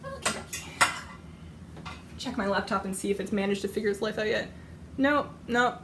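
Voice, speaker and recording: A woman with a hoarse, fading voice chats casually and rambles while she bakes on a live stream, often laughing. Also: mid-range voice, moderate pace, background noise. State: hoarse, losing her voice. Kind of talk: casual chat while cooking. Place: home kitchen. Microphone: iPad microphone. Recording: roomy lo-fi tablet audio from a distance.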